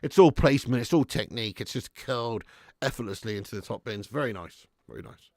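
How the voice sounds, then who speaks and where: A man hosting a live football watch-along, who is excitable and jokey and bantering with his chat. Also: mid-range voice, fairly quick, dry recording, studio quality. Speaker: live stream host.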